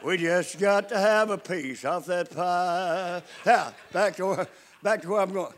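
An older man preaching a folksy sermon, dropping to hushed storytelling and rising to loud calls to his listeners. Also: sits high, measured pace. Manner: repeats calls to the congregation.

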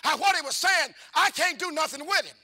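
Preaching at a brisk clip in a very high-pitched voice, a middle-aged man leads a call-and-response sermon. His delivery is folksy and repetitive; he questions the congregation and alternates between quiet asides and fervent shouts.

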